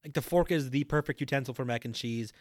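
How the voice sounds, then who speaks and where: A young man co-hosting a casual chat show, calmly and matter-of-factly explaining his food opinions. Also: mid-range voice, fast, no room sound, clean studio sound. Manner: calm, matter-of-fact reasoning. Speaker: podcast co-host.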